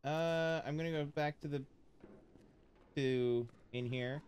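A man's voice: fairly high pitch, fairly even intonation, takes it slowly, a little mellow, smooth. A man casually talking to himself as he streams a horror game, reading notes aloud and chatting as he plays. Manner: chatty, talks to himself while playing. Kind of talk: casual let's-play commentary.

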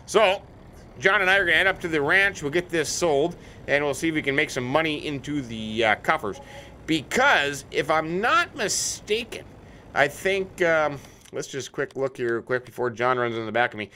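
A man's voice: fairly high pitch, expressive, normal speed, bright, forceful tone, a little hiss or hum. A middle-aged American man casually commenting on a farming game, joking and talking to imaginary companions. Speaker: let's play host. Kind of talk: casual game commentary with role-play banter. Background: faint game vehicle sounds.

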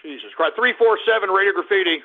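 A man hosting a call-in radio show, abrasive and yelling insults at his callers, heard with a tinny lo-fi sound. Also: high voice, animated, fast talker, background noise. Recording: tinny lo-fi phone-line sound.

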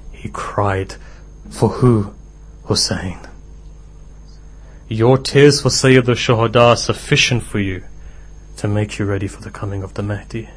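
Man preaching a sermon in a low voice. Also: vocal fry, a little hiss or hum, rough recording. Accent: British. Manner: storytelling, rising to impassioned exhortation. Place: mosque hall.

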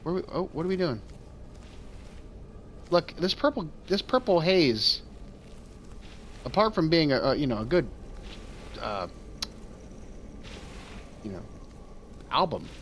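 A man's voice: a little high, big pitch swings, takes it slowly, long pauses, a bit bright, a little hiss or hum. Wisecracking let's play guy. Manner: rambling, wisecracking. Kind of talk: joking gameplay commentary.

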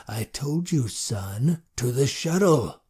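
A man voicing a tall, old cowboy marshal with a dry, grumbly, low drawling voice. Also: animated, takes it slowly, mellow, husky, full character voice. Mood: gruff.

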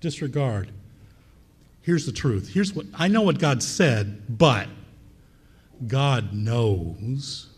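A man preaching a sermon in a church, reading scripture aloud and repeating key words for emphasis, with a slightly husky voice. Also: mid-range voice, expressive, slow, long pauses, long reverb tail.

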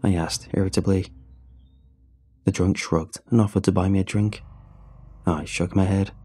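Low, husky male horror narrator. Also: steady tone, moderate pace, warm tone. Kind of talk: scripted first-person narration.

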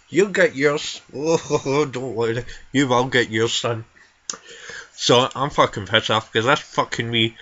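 A man's voice: mid-range voice, pushed and bright. A man voicing a foul-mouthed, furious Scottish granny in her eighties, ranting and swearing nonstop in a comedy vlog. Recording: dull lo-fi home recording.

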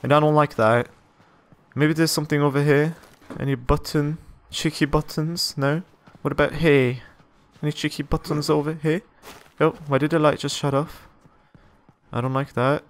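Young guy doing a horror let's play, jumpy and chatty, faint hum in the background. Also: fairly high pitch. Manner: jittery, exclaims and repeats words when scared. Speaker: gaming YouTuber.

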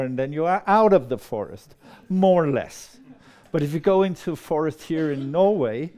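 A man talking casually to an audience, rambling and lively, often laughing. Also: a little high. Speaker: storyteller. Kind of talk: casual talk to a live audience.

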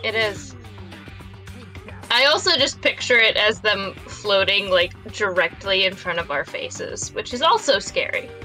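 A woman's voice: medium pitch, lively intonation, a little slow, pushed and bright, soft background music. A giggly, easygoing woman chatting casually while voice-acting a game with friends. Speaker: fan voice actor and player.

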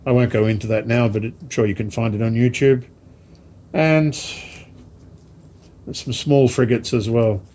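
A man casually showing off a parcel of model ships to camera, rambling slowly with many ums and asides. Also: medium pitch, fairly even intonation, a little mellow, a little hiss or hum. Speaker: wargaming hobby vlogger. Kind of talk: casual unboxing chat to camera.

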